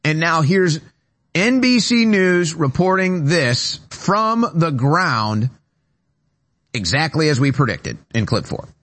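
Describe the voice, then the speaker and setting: A man's voice: on the high side, very animated, slow pace, a bit bright. A man hosting a talk show from a studio, delivering an emphatic, repetitive political monologue with rising urgency. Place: radio studio.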